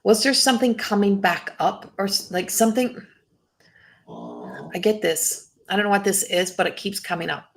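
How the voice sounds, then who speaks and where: Rambling, gravelly-voiced woman psychic medium. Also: mid-range voice, normal speed. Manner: rambling, self-interrupting, laughs often. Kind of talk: live-stream psychic reading.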